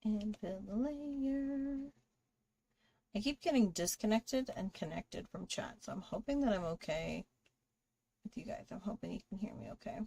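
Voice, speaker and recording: Gravelly-voiced woman chatting while drawing. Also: mid-range voice, moderate pace, dark tone, a little hiss or hum. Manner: chatty, greets viewers, talks while drawing. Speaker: livestream artist host. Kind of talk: casual live drawing chat.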